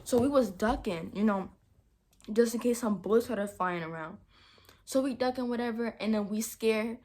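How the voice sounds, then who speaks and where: In a fairly high voice at normal speed, a young woman shares a dramatic story on her casual vlog. Talking right to her viewers, whom she calls "y'all," she's animated and uses "like" all the time.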